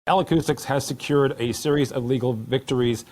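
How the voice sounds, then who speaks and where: A man hosting a trade news podcast, reading the week's stories in a measured, even delivery. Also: mid-range voice, soft background music. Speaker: podcast host.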